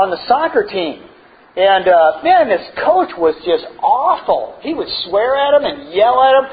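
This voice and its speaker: A man's voice: very high-pitched, phone-quality sound. A middle-aged man answering a parenting question, telling stories and laughing often as he talks. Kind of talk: casual parenting advice talk.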